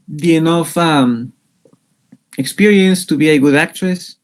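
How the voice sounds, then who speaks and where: A man walks a class through English grammar in an online lesson. His voice sits a little high and he speaks slowly, pausing on fillers and restarting sentences as he explains. He sounds patient and methodical. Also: a little mellow. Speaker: English teacher.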